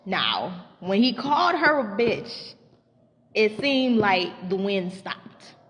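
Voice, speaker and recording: A woman's voice: mid-range voice, takes it slowly, big-room sound. A woman casually telling a story about her school job, swearing freely and acting out the people she quotes. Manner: animated, profane, acts out quotes.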